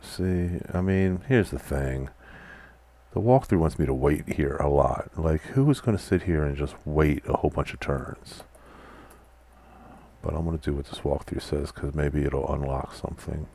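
Very deep-voiced man reading a text adventure. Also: moderate pace, slightly rough. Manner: reads game text aloud, chats between commands; quiet, mutters typed commands. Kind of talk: casual let's-play commentary.

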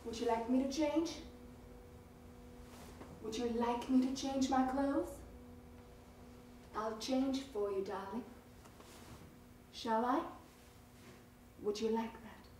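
A woman's voice: a little high, takes it slowly, long pauses, dark tone, slight background noise. An actress playing a coy married woman, echoing from a far stage. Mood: seductive. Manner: theatrical, coquettish and teasing. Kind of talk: live stage play. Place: small theater stage.

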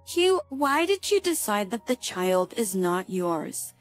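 A woman voicing a quiet young wife in a spoken story. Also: medium pitch, sing-song, slow, soft background music. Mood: pleading.

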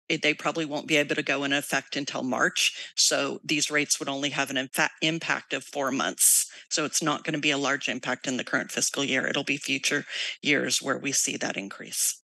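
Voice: medium pitch, bright, forceful tone, no echo, rough recording. A district staff member plainly explaining rate decisions at a public meeting, with a few restarts. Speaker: district staff answering questions.

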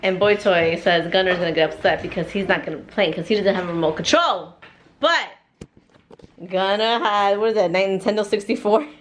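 A woman filming a casual family vlog at home, talking excitably with gushing exclamations. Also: mid-range voice, a little fast, a little hiss or hum. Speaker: vlogger mom. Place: home living room.

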